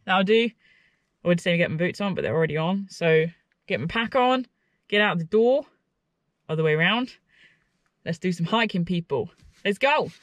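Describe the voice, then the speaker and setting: A woman's voice: fairly low pitch, no room sound. Chatty woman vlogging outdoors. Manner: chatty, self-mocking, giggly. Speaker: hiking vlogger. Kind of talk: casual vlog to camera. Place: outdoors by a lake.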